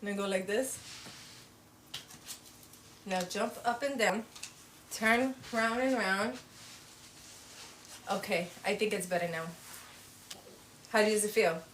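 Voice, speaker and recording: A woman's voice: mid-range voice, slow, pauses often, fairly bright tone. Mom hosting a casual home livestream, chatty and motherly, light background hiss. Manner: chatty and motherly, talks to her child and to viewers.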